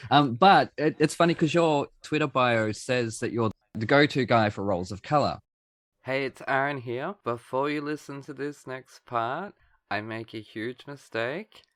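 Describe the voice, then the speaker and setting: A man's voice: medium pitch, measured pace, fairly bright tone, no room sound, studio quality. An Australian man hosting a podcast, chatty and self-mocking. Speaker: podcast host. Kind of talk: casual chat.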